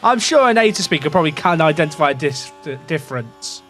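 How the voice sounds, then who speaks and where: A man's voice: fairly high pitch, big pitch swings, fast talker, a bit bright, faint music behind. An English man, a gaming streamer, talking through his racing-management game to chat in a rambling, self-questioning way, with the odd swear word. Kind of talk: casual game commentary to chat.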